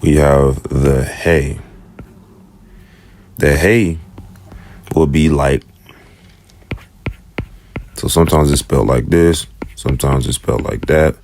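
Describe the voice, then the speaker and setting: Very deep-voiced man teaching slowly. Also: a little mellow. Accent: African American English. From United States. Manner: repeats sounds slowly, drawn-out demonstrations. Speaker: Hebrew teacher. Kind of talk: casual alphabet lesson.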